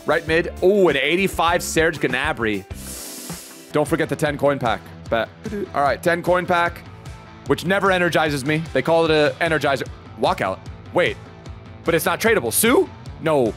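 Young male gamer-commentator, animated and chatty, rising to frustrated outbursts, light game music underneath. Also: a little high, moderate pace. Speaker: gaming YouTuber. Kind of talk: excited gameplay commentary.

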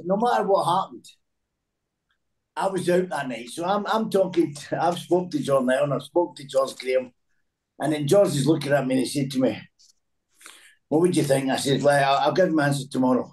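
A Scottish man in his sixties with a slightly high voice chats loosely and tells stories. He laughs through them and often repeats words as he goes. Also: fairly quick, a little mellow, low-quality recording. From Scotland. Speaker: former footballer guest. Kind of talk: casual chat, storytelling.

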